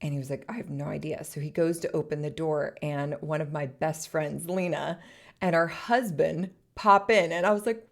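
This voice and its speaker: Brief: woman podcast host, low voice, chatty storyteller, quick to laugh. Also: steady tone. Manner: chatty, laughs often, many "like"s. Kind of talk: casual personal storytelling.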